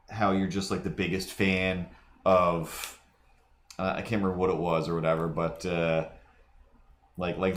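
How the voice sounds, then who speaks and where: A man's voice: sits low, roomy sound. A man hosting a livestream, chatting casually while he draws and wandering off into long, digressive stories. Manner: rambling, digressive storyteller. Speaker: livestream host.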